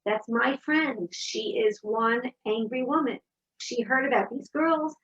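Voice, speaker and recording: A woman giving an inspirational talk, telling personal stories in a lively storytelling manner. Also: fairly high pitch, unhurried, highs cut off. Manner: storytelling, warm and animated. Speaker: speaker.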